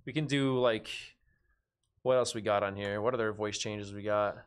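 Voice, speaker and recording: A man's voice: on the low side, fairly even intonation, moderate pace, clean tone. A young man hosting a live card break, chatty and laughing often as he calls out cards. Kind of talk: casual live-stream chat.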